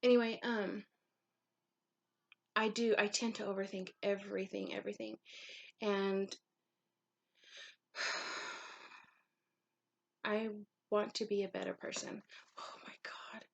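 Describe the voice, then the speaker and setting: A woman speaks straight to camera in an open, meandering confessional vlog. Her pitch sits at an ordinary middle height for a woman. She wanders between thoughts with plenty of ums and drops in the odd casual curse. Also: flat delivery, takes it slowly, vocal fry, pauses often. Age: adult mother of young children. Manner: candid, rambling, with frequent ums and casual swearing. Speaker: vlogger.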